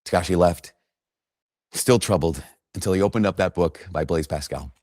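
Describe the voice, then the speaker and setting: Male preacher with a very low voice and dry close sound, earnest storyteller who builds emphasis. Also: normal speed, darkish tone, dry recording. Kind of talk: sermon.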